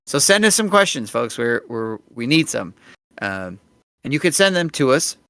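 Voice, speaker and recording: A man's voice: mid-range voice, big pitch swings, moderate pace, gravelly, sharp tone, no room sound. A man hosting a podcast, reading listener requests and plugs in an upbeat, casual way. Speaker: podcast host.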